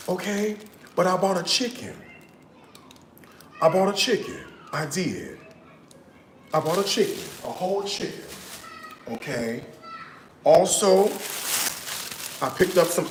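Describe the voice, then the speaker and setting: A lively man talks to his livestream viewers while he cooks at home, his pitch sitting a touch high and jumping around a lot as he speaks. He keeps it casual and animated, sometimes sliding into a hushed, sing-song delivery. The kitchen is echoey, with a faint hum of room noise behind him. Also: normal speed, long pauses. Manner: chatty and animated, talks straight to viewers with frequent asides; slips into hushed, half-sung tones now and then. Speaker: cooking livestream host.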